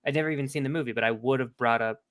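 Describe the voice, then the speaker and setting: A man in casual podcast chat, telling stories in an animated way and laughing easily. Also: medium pitch. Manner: animated storyteller, quick to laugh. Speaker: podcast co-host.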